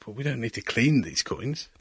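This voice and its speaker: A man's voice: mid-range voice, animated, moderate pace, husky, no echo, clean studio sound. A man presenting a radio science segment, asking curious questions and narrating each step of an experiment. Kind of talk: hands-on science demonstration chat.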